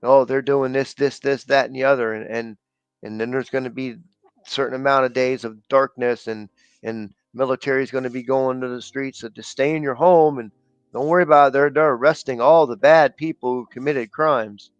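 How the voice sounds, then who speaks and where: A man's voice: mid-range voice, steady tone, moderate pace, smooth, no echo, lo-fi sound. A man co-hosting a casual livestream, talking loosely and rambling with slang and fillers.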